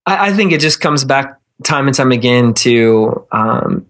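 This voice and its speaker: A man's voice: mid-range voice, animated, measured pace, fairly bright tone. A man in his thirties, a podcast guest, answering earnestly in a casual interview with many restarts. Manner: earnest, with frequent restarts and fillers. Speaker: podcast guest, real estate investor.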